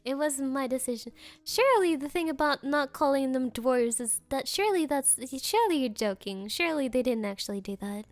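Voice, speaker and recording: A woman's voice: high voice, expressive, fairly quick, no echo, soft background music. A woman streamer in casual chat, rambling through sarcastic rants and laughing often.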